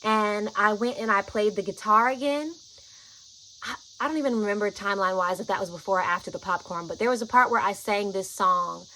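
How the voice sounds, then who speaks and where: A woman vlogger telling a personal story, chatty and animated, often saying "like" and "y'all". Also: medium pitch, brisk, a little hiss or hum, low-quality recording.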